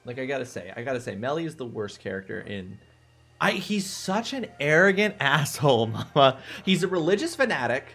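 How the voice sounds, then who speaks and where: A young adult man chatting casually during a game stream. He is excitable and talkative, answering viewers and reacting as he plays. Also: medium pitch, brisk, creaky. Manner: chatty, excitable, responding to chat. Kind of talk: casual live-stream chat.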